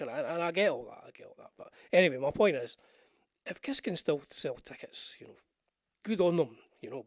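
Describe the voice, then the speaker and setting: A man's voice: a little high, big pitch swings, brisk, no echo, clean studio sound. An older Scottish man hosting a casual livestream, chatting in a meandering way with frequent restarts and asides. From Scotland. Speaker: livestream host. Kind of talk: rambling casual livestream chat.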